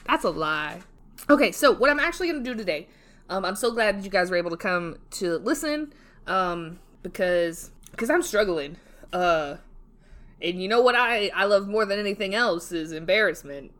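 Drunk solo podcast host, a woman, rambling and self-mocking, pitch all over the place. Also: expressive, normal speed, fairly bright tone. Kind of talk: casual solo review chat. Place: home, seated.

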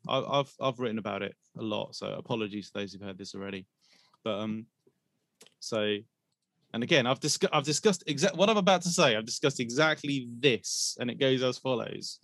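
A man's voice: medium pitch, creaky, fairly bright tone, dry recording, studio quality. A man hosting a podcast in a casual, rambling way, trailing into hesitations and breaking into laughter. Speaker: podcast host.

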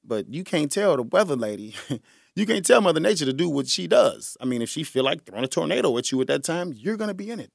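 A middle-aged man hosts his own podcast in a loose, joking chat. His voice is gravelly and his pitch swings widely. The sound is dry and close. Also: big pitch swings, quick pace, dry recording. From Chicago area. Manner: chatty, joking, laughs often. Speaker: podcast host. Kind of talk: casual solo chat.

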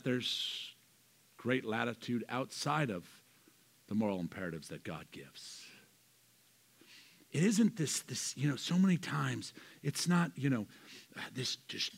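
Animated male pastor preaching. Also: mid-range voice, unhurried, vocal fry, pauses often. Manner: animated, shifts between loud emphasis and soft asides. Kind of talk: sermon.

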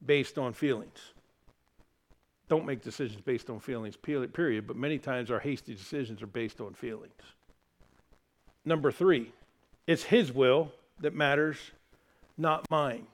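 A male pastor preaching a sermon in a church, often dropping to a soft, low voice to stress a point. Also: unhurried, long pauses. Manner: preaches with sudden drops to soft low emphasis.

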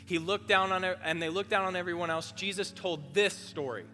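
A youth pastor preaching a sermon in a casual, animated way, talking straight to the room. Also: male voice, high voice, normal speed. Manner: animated, casual, direct address. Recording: long hall reverb, faint music.

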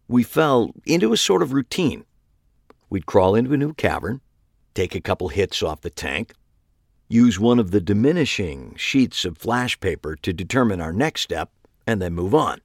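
Man, wry first-person narrator, low gravelly voice, lively pitch, dry close sound. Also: no echo.

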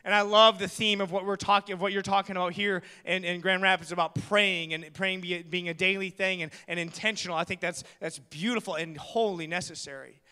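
A male pastor preaching a sermon in a church, telling stories with jokes and building to loud, shouted preaching. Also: sits high, smooth, big-room sound. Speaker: guest pastor.

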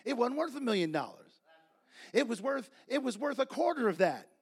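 A man preaching a sermon, telling folksy stories and building to repeated, shouted refrains. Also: extremely high pitch, very animated, moderate pace, vocal fry, husky. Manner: folksy storytelling.

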